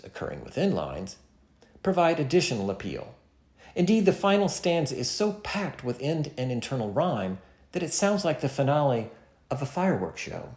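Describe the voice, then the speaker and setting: Male lecturer, measured scripted delivery with animated pitch, recorded in an echoey room. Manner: measured, expressive reading with dramatic poetry recitals. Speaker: literature lecturer.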